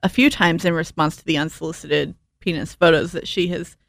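A woman as a podcast guest, making wry deadpan jokes in casual chat. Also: low voice, fairly quick, vocal fry, no room sound.

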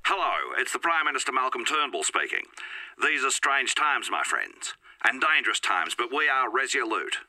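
Brief: pompous, solemn male prime minister, impersonated by a man, bright tone. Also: medium pitch, big pitch swings, normal speed, no echo, exaggerated voice, low-quality recording.

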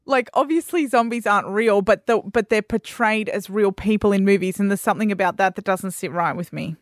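A woman co-hosting a radio show, telling stories in chatty, animated casual talk. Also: medium pitch, a little fast, dry recording, clean studio sound. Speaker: radio co-host. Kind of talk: casual chat.

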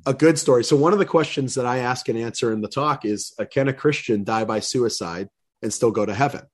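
Older male guest, earnest storyteller, stumbles into sentences, mid-pitched. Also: brisk, breathy edge. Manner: earnest storyteller, repeats words when starting sentences. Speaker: guest speaker. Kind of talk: casual interview chat.

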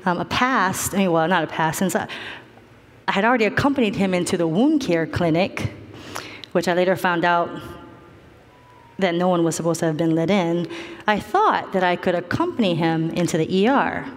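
A woman telling a personal story in an earnest, animated way, acting out what other people said. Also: fairly low pitch, normal speed, in a large hall. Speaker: storyteller recounting a family medical ordeal.

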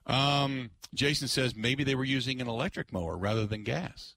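A man's voice: medium pitch, moderate pace, no echo. A man hosting a sports radio show, telling stories in a casual chat and laughing often. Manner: laughs often, animated storytelling.

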